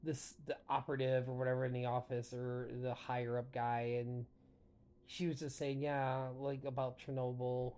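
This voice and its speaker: A man's voice: mid-range voice, flat delivery, moderate pace, a little mellow, clear, resonant tone. A young man casually recapping a TV episode, rambling with lots of fillers. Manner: rambling, filler-heavy retelling. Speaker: show reviewer.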